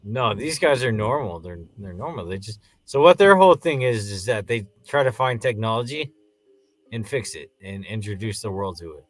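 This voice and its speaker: A man co-hosting a casual review podcast, retelling scenes in an animated way and acting out the characters. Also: on the low side, moderate pace. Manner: animated storyteller, acts out scenes. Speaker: podcast co-host.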